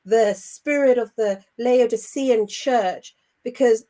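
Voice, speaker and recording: A woman's voice: a little high, dark tone. A middle-aged woman co-hosting a Christian show, speaking earnestly and with indignant emphasis. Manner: emphatic and indignant, with measured phrasing. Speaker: co-host of a Christian online show. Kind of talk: earnest spiritual talk.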